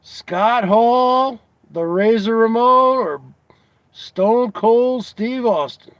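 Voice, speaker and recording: A man hosting a casual comedy show, asking his audience teasing questions over and over in a drawn-out way. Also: very high-pitched, dry recording, highs cut off. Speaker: host.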